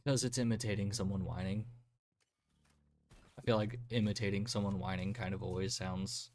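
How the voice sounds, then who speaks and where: Low-voiced man streaming a game. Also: level tone, moderate pace, darkish tone, slight background noise. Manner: profane, rambling, laughs often. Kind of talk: casual chat while gaming.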